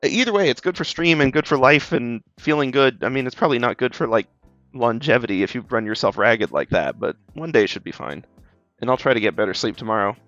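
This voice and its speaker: A man's voice: medium pitch, expressive, fairly quick, fairly bright tone, no echo, faint music behind. Upbeat rambling tired man, dry dull mic. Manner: rambling, upbeat, chuckles, many ums. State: tired but energetic. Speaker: art streamer. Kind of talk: casual streaming chat while drawing.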